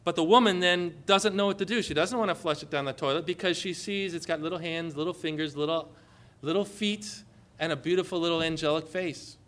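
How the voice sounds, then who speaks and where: A man preaching a sermon with passion, building to emphatic, forceful proclamations. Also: fairly high pitch, a little fast.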